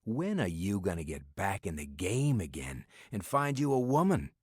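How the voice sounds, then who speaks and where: A man's voice: low voice, big pitch swings, normal speed, darkish tone, husky, no room sound, clean studio sound, full character voice. A man voicing a brash male friend who teases and pushes in banter, in an audiobook. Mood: teasing. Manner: pushy, ribbing banter. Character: brash, teasing male friend and city official.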